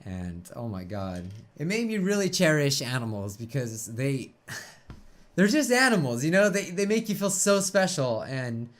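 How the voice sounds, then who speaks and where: Tearful young man, rambling and halting. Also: mid-range voice, big pitch swings. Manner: rambling, halting, with many restarts and tearful pauses. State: tearful, choked up. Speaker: YouTube reaction host. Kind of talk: emotional casual reaction talk.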